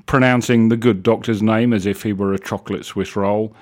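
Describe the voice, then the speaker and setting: A man reading a comic story aloud on a live show in a wry, lively way. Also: lowish voice, a little fast. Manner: lively, wry, self-correcting.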